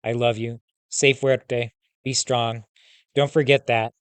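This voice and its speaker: A man reading aloud, voicing a tender, apologetic father in prison, speaking softly. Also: mid-range voice, flat delivery, slow, clear, resonant tone, no room sound, natural voice. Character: gentle jailed father, middle-aged man.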